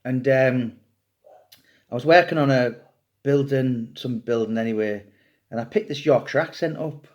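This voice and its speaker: A man's voice: mid-range voice, moderate pace, pauses often, muffled recording. A middle-aged man and author talking casually and at length, rambling and chatty with some swearing. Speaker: true crime author. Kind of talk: casual monologue to camera.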